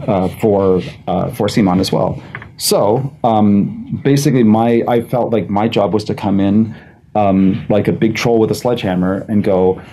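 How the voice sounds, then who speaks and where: A man's voice: lowish voice, dark tone, a little hiss or hum, rough recording. A man talking casually as a game designer on a live panel, rambling with lots of fillers and restarts.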